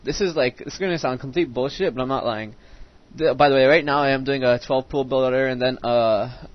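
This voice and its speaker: A teenage boy talks over his own strategy match, swearing freely and wandering off on side stories before snapping back to the game. His voice sits at an ordinary middle pitch. The recording sounds dull and lo-fi. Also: brisk. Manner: rambling, profane, easily sidetracked. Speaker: game commentator. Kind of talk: casual gameplay commentary.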